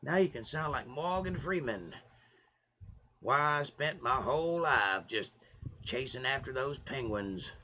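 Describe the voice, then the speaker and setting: A man doing an impression of a slow, solemn older male film narrator, speaking low and drawn out. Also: animated, pushed and bright, a little hiss or hum.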